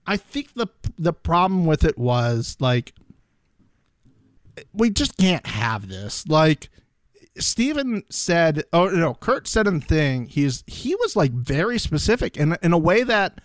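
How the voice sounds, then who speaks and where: A man co-hosts a recap podcast in a playful, chatty way. His voice is high and swings through a wide range. The sound is dry and close. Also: slow, no echo. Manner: playful, animated storytelling. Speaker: podcast co-host. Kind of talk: casual chat.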